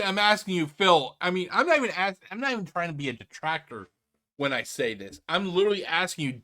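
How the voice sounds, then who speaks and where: A man's voice: high-pitched, animated, fairly quick, pushed and bright. A man giving an unscripted reaction commentary, opinionated, exasperated and profane.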